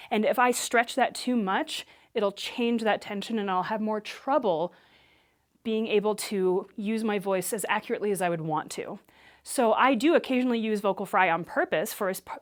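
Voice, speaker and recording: A woman Alexander Technique teacher who explains and demonstrates movement for public speaking in a clear, patient way. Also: medium pitch.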